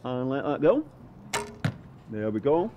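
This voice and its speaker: Encouraging male archery coach, lively voice, calm clear instructions, faint noise. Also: medium pitch, takes it slowly, narrow, tinny audio. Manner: patient, encouraging, clear directions. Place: outdoors at a castle.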